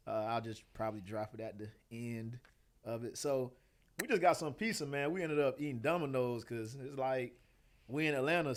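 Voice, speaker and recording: A young man co-hosting a casual podcast, laid-back and asking teasing questions. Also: mid-range voice. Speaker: podcast co-host.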